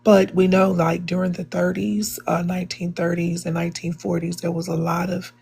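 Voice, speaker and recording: A woman makes her case in a live online debate. Her voice is gravelly and husky and sits fairly low. She speaks earnestly, with plenty of "um"s and restarts. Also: flat delivery, moderate pace, a little mellow. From Chicago, USA. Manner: earnest, many fillers and restarts. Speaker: debate participant.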